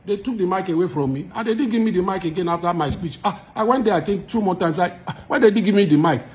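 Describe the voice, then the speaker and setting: A man with a Nigerian accent talks straight to camera, laying out his case with force and driving each point home by repeating it. His voice sits a little higher than most men's. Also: fast, darkish tone. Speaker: musician. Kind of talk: direct-to-camera address to followers.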